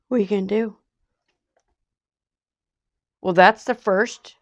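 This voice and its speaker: A woman's voice: on the high side, very animated, slow pace, dry recording, muffled recording. A woman talking casually to her pets in a cooing, baby-talk manner. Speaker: pet owner.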